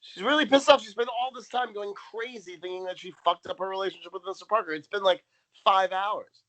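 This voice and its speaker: A man's voice: high-pitched, brisk, bright, forceful tone. A young man co-hosting a casual podcast recap, sarcastic and swearing as he reads out plot notes. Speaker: podcast co-host.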